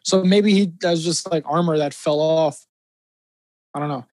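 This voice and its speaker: Casting note: high-pitched, eager podcast co-host, man, rambling "like" talk, dry close mic. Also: unhurried, no room sound. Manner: excitable, peppers speech with "like". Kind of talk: casual chat.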